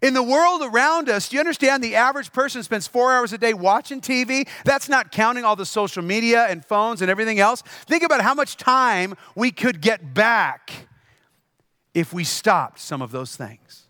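A man's voice: very high-pitched, lively intonation, moderate pace, sharp tone, no room sound, clean studio sound. A man preaching a sermon as pastor, telling stories and repeating key phrases for emphasis.

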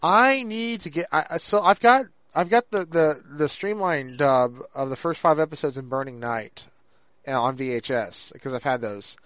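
A man co-hosting a podcast in casual chat, rambling and halting with lots of fillers and restarts. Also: on the high side, fairly bright tone, no echo. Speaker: podcast co-host.

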